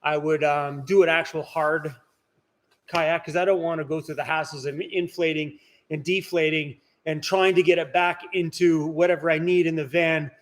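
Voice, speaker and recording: A man's voice: a little high, steady tone, moderate pace. A man hosting a casual live stream from inside his workshop, chatting and answering viewer comments. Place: indoor workshop.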